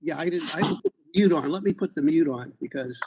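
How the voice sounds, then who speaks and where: A man's voice: fairly high pitch, brisk, darkish tone, lo-fi sound, slight background noise. A man, a doctor, walking patients through slides in an informal talk with side remarks. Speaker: eye doctor leading a patient meeting. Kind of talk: slide presentation over a call.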